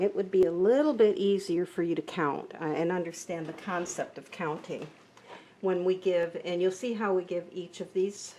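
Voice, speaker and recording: A woman's voice: lowish voice, warm tone. A woman teaching a beginner piano lesson, patiently explaining note values and chanting counts aloud.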